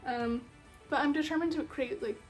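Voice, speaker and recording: A woman's voice: high voice, moderate pace, darkish tone, soft background music. Chatty young woman with a sick voice. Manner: chatty, self-deprecating, rambling. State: sick, stuffy voice. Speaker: beauty vlogger. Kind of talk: casual makeup tutorial chat.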